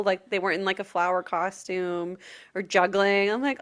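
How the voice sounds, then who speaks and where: A woman's voice: medium pitch, a little fast, fairly bright tone. A young adult woman co-hosting a casual podcast, telling festival stories with acted-out quotes and frequent laughter. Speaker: podcast co-host. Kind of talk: casual festival recap chat.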